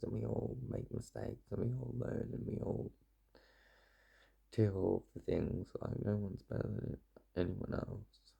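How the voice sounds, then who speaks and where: A man's voice: lowish voice, gravelly, dark tone, breathy edge. A young man chatting casually to camera, rambling and swearing freely, in a playful put-on accent. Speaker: vlogger.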